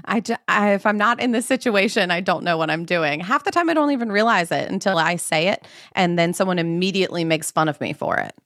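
A woman from Maryland co-hosts a casual podcast, teasing her partner and laughing easily. Her voice sits fairly low, recorded dry and close. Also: animated, brisk, hardly any pauses, fairly bright tone, no room sound. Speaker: podcast co-host.

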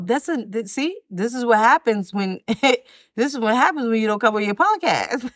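A woman's voice: fairly high pitch, sing-song, measured pace, fairly bright tone, no room sound, studio quality. A woman hosting her own self-help podcast, speaking frankly and emphatically and swearing freely. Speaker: podcast host.

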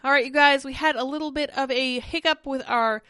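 Young woman host, casual stream chat, slightly higher voice, a bit breathless, dry close sound. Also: brisk, dry recording. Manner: chatty, animated, reads chat comments aloud. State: short of breath. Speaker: podcast host. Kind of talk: casual livestream commentary.

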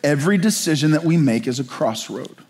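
A man delivering a sermon as pastor, his voice sitting a little high for a man. He presses slow, pleading questions, then slips into quicker, conversational asides. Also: expressive, a little mellow.

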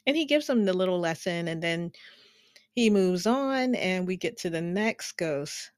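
Woman, low voice, casual film review, chatty, frequent laughs, dry close sound. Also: expressive, a little slow, dry recording. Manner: chatty, laughs often, many fillers.

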